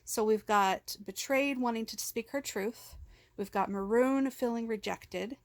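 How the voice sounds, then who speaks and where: A woman's voice: a little high, unhurried, no room sound. A woman telling a raw personal vlog story into a handheld phone, rambling and emotional, with many restarts, speaking of herself as "we". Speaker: vlogger.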